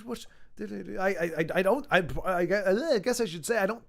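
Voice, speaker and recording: A man's voice: high voice, normal speed. A man hosting a livestream, chatting in a rambling way and reading viewer messages aloud, his voice a little worn. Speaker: livestream host. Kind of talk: casual livestream chat.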